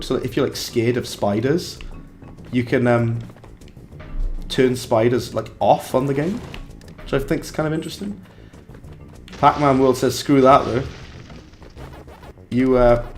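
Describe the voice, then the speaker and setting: A man's voice: mid-range voice, a little mellow. A young man giving casual, chatty live commentary while he plays a game and banters with his chat. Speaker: game streamer.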